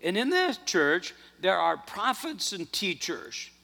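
A man preaching a sermon as pastor, earnest and animated, often restarting his words. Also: high voice, slow, vocal fry. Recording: long hall reverb.

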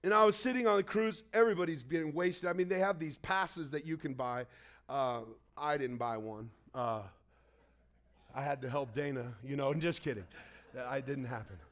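A man's voice: a little high, moderate pace, a bit bright. A man preaching a casual, story-driven sermon, acting out the people he quotes. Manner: storytelling, conversational, acts out quotes. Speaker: pastor. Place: church hall.

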